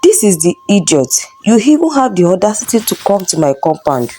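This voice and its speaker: A woman voicing a jealous middle-aged husband who shouts accusations at his wife. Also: medium pitch, big pitch swings, a little fast, faint music behind, natural voice. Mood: furious shouting.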